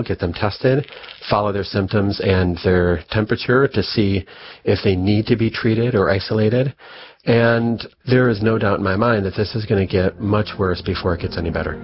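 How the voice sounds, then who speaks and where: A man, a doctor, explaining in a brisk, matter-of-fact way in a radio clip. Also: lowish voice. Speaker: doctor, interviewee. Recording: dull lo-fi broadcast audio.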